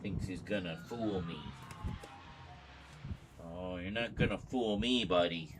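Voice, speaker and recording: A man's voice: on the low side, takes it slowly, long pauses, fairly bright tone, a little hiss or hum. A man streaming live, chatting casually and rambling to his viewers and his pets.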